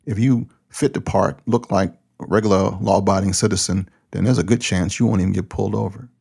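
A man's voice: on the low side, steady tone, a little fast, creaky, darkish tone, slightly rough. A man who hosts a podcast and pastors a church, talking in a loose, plain-spoken, conversational way. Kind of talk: casual podcast talk.

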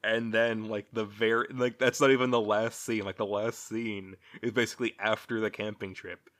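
A man's voice: fairly low pitch, flat delivery, normal speed, fairly bright tone. A man hosting a casual chat, rambling, laughing often and swearing freely.

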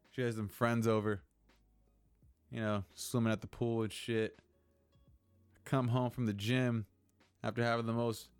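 A man's voice: mid-range voice, smooth, no echo. A young man hosting a casual solo podcast, rambling and venting with lots of swearing. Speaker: podcast host.

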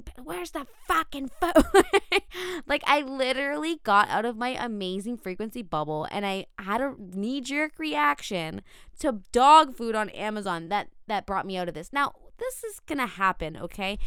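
Casual young female vlogger, animated, swears, smooth and clear tone. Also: mid-range voice, no room sound, clean studio sound. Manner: chatty, animated, swears freely, laughs between lines. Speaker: vlogger on mindset and manifesting. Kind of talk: casual storytelling to camera.

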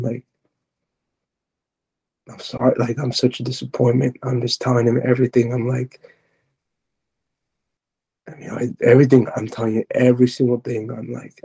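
A young man recounts his testimony on a podcast, his voice very dark and gravelly with a husky edge. He talks haltingly, breaking off and restarting as he gropes for the right words. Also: mid-range voice. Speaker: podcast guest. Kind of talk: personal testimony.

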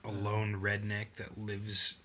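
Animated young man, bright voice. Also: lowish voice, takes it slowly, a little hiss or hum. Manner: animated storyteller, puts on drawled voices. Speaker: podcast co-host. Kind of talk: casual chat.

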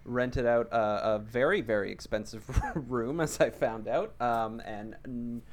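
A man in his thirties co-hosting a casual podcast, talking with many pauses and fillers. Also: mid-range voice. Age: 30s. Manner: hesitant, filler-heavy. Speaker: podcast co-host.

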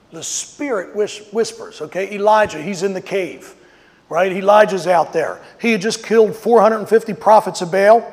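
High-voiced preacher with long reverb. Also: male voice, darkish tone. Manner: storytelling, rising to emphatic when acting out quotes. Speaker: pastor. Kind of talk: sermon. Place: outdoors on a street.

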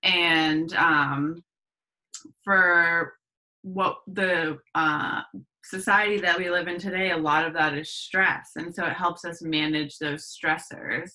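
A woman talks as a podcast guest, laying out explanations with many fillers and self-corrections. Her voice is a little low but bright and forward. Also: fairly even intonation, takes it slowly, rough recording. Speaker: podcast guest, herbal medicine practitioner. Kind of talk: casual explanatory chat.

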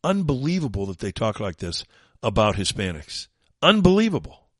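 A man's voice: fairly low pitch, big pitch swings, moderate pace, fairly bright tone, no room sound, clean studio sound. Sarcastic, combative talk radio host man. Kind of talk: opinionated talk radio monologue.

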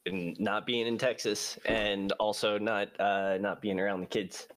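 Deep-voiced man, laid-back replies. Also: flat delivery, measured pace, a bit bright. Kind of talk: casual chat among friends.

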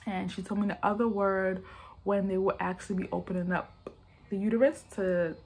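A woman's voice: mid-range voice, little pitch movement, brisk, darkish tone, slightly rough. Woman vlogger, mid-range voice, rambling casual storyteller who talks directly to camera. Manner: rambling, talks straight to viewers.

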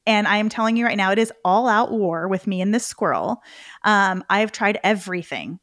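A woman's voice: medium pitch, lively intonation, fairly quick, a bit bright, no echo, studio quality. A middle-aged woman, a podcast guest, chatting casually and animatedly, acting out her own reactions as she tells a story. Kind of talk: casual interview chat.

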